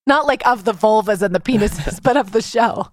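A middle-aged woman hosting a podcast, animated and sarcastic in a comedic monologue. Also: medium pitch, normal speed, dry recording. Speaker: podcast host.

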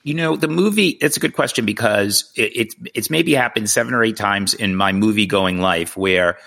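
Deep gravelly man. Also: moderate pace, sharp tone. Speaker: podcast guest. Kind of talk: casual chat.

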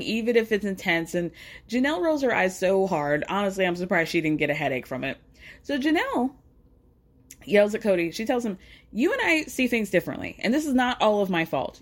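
Sassy woman recapping reality TV. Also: mid-range voice. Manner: sassy, profane, mimics people she quotes. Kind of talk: casual recap commentary.

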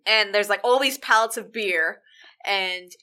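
A woman's voice: mid-range voice, unhurried, bright, forceful tone. A woman, casually recapping a show, animatedly quoting characters and swearing freely.

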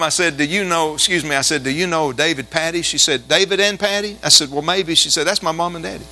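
A pastor telling a folksy, animated story in a sermon, then leading his church in call-and-response. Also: a little high, poor audio. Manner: animated, folksy storytelling that builds to shouted exhortation.

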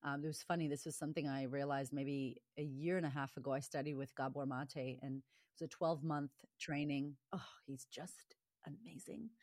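Middle-aged woman guest, low pitch, dry close sound, candid and emphatic storytelling. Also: dry recording. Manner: emphatic, quick bursts, animated when quoting herself. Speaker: guest, confidence coach.

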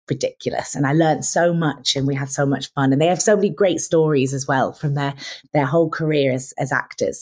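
Low-voiced actress, effusive and enthusiastic in chat. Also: female voice, a little mellow. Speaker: actress guest. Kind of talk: casual interview chat.

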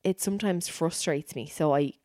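Chatty woman, low voice. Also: moderate pace, darkish tone, no room sound, studio quality. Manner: chatty, emphatic, repeats herself. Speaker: podcast co-host. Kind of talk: casual chat.

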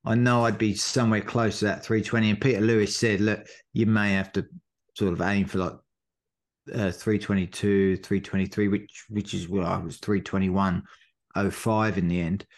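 A man on a podcast, chatting casually and telling an animated race story full of acted-out quotes. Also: fairly low pitch, moderate pace. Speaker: podcast co-host, marathon runner. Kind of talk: casual chat recounting a race.

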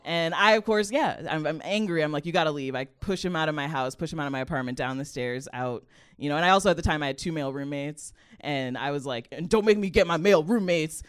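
A young adult woman comedian telling a personal story in a chatty, animated way, laughing often and using a lot of "like" fillers. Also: deep voice, quick pace, few pauses, smooth.

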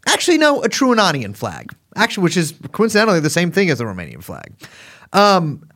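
A man's voice: high-pitched, wildly swooping pitch, fairly quick, fairly bright tone. A man co-hosting a podcast in casual, joking chat, rambling with restarts and swearing. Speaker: podcast co-host.

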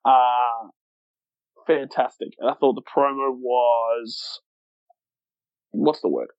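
A man's voice: mid-range voice, fairly even intonation, takes it slowly, no room sound, highs cut off. A man co-hosting a podcast, chatting casually and with enthusiasm, swearing now and then. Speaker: podcast co-host. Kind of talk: casual wrestling chat.

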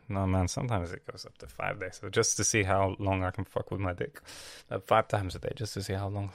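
A man's voice: fairly low pitch, fairly even intonation, moderate pace, vocal fry, no echo. A 20-year-old man talks in a rambling, profane vlog style. He uses lots of slang and restarts, and his breath is audible on a close mic. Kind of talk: casual rambling vlog chat.

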